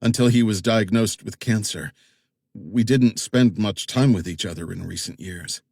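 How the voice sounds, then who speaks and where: A quiet, grieving young woman in an audiobook, as a male narrator reads her lines, earnest and subdued. His low voice stays dry and close. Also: normal speed, vocal fry, dry recording.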